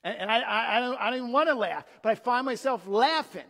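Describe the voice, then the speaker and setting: High-pitched guy giving a sermon, punchy and emphatic, big echoey hall. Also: lively intonation, fast talker, creaky, pushed and bright. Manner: emphatic, asks rhetorical questions and answers them. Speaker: pastor.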